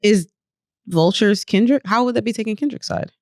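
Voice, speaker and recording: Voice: medium pitch, normal speed, no echo, clean studio sound. A podcast co-host speaking expressively with a sassy edge in casual chat.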